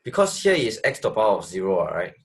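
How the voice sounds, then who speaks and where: A man's voice: sits low, sing-song, fast, creaky. A man tutoring math, explaining step by step, repeating phrases and checking that his student follows. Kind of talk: online tutoring lesson.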